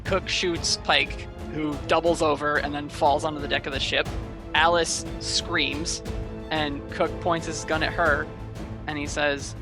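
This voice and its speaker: A man narrating a tabletop game as game master, describing scenes in a steady, detailed way. His voice sits a little high. Music plays clearly behind him. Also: a little slow, low-quality recording.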